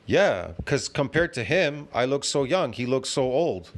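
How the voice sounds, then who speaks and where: Man in his fifties, reaction commentary, profane, rambling, argumentative, lecturing, keeps asking if you understand, middle-pitched voice. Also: big pitch swings, measured pace. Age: 50s. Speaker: fitness commentator reacting to a video.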